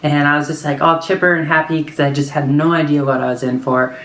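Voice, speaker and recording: A woman's voice: low voice, steady tone, quick pace, a bit bright. A woman telling a personal story in a casual vlog, chatty and full of fillers. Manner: chatty, filler-heavy, lots of "like". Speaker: vlogger. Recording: echoey room.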